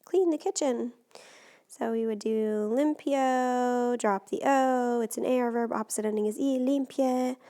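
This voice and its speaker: A woman's voice: fairly high pitch, fairly even intonation, a little slow, dark tone. A woman teacher explaining Spanish grammar step by step in a patient, recorded lesson.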